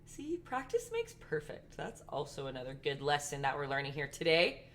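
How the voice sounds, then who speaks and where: A woman hosting a casual live-stream painting lesson, chatty and rambling, talking fast. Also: deep voice, very animated, a bit bright. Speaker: art instructor and live-stream host.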